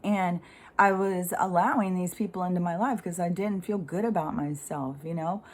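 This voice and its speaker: Middle-aged woman with a lower voice and a loose, rambling delivery for a casual spiritual monologue. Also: steady tone, moderate pace. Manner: rambling and conversational, many fillers, casual swearing. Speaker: spiritual speaker.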